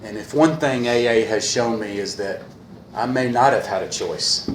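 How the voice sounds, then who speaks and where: Earnest low-voiced man in an echoey room. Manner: earnest, repeats a refrain, halting with fillers. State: a little emotional. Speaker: recovery meeting speaker. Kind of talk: personal talk at a meeting. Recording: echoey room with faint hiss.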